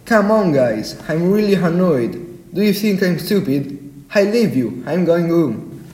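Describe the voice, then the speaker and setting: A man playing a touchy young man who is quick to anger, in an amateur class radio play, reading his lines slowly and deliberately. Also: fairly high pitch, lively intonation, a little mellow. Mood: annoyed. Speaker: student actor. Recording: echoey room.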